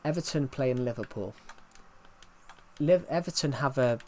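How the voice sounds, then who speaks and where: A man's voice: mid-range voice, normal speed, a little mellow, slight background noise. A man, chatting casually on a live stream, answering chat with many fillers and restarts. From England.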